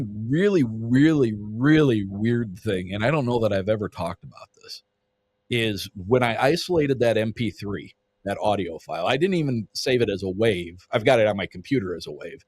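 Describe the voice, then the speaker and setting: A man's voice: lowish voice, husky, no echo. A man telling a story in casual conversation as a podcast guest, vivid and swearing freely, acting out what people said.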